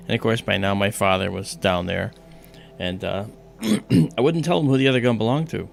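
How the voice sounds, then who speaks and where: A man's voice: on the low side, normal speed, creaky, soft background music. A man hosting a livestream, telling a childhood story in casual chat and acting out the other people's voices as he goes. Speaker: livestream host.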